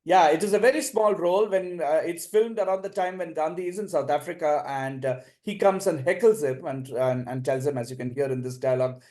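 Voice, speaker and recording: A man hosting an online quiz final as quizmaster, reading questions in a measured way and recapping answers with encouragement. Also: fairly high pitch, steady tone, a little mellow.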